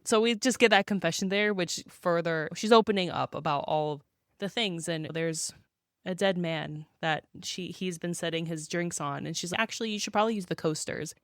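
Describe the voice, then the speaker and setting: Smooth-voiced woman recapping a book. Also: lowish voice, normal speed, no echo, studio quality. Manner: laughs often and recaps the plot conversationally. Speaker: podcast co-host. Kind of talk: casual book discussion.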